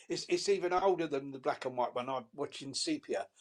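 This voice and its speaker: An older man co-hosting on radio chats casually, rambling with many restarts and laughs. He speaks in a mid-range voice at a moderate pace.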